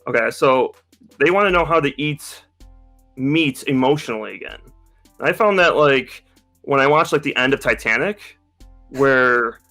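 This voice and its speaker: Bright-voiced sarcastic man. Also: mid-range voice, creaky. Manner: sarcastic, mocking. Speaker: YouTube host. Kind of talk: casual chat.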